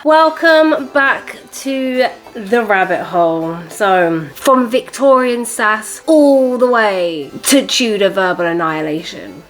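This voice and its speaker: Woman, casual vlog host, playful, sassy, middle pitch. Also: low-quality recording. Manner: playful, sassy, laughs at own jokes. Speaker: history vlogger.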